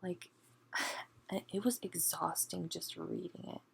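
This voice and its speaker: In a casual book review, a woman rants in an exasperated way, often dropping to a hushed half-whisper and filling her talk with "like." Her voice is lowish and creaky, and she takes it slowly.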